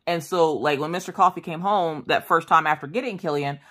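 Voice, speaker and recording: A woman's voice: sits low, brisk. A woman craft vlogger chatting casually as she tells a story, acting out the voices in her quotes. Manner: animated, acts out voices in quotes; chatty, with many fillers and asides.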